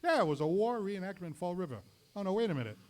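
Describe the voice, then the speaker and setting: Direction: a high, lively male host, self-mocking. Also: rapid-fire. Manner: self-deprecating, apologizes after jokes. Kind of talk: stand-up comedy monologue. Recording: noisy live show recording.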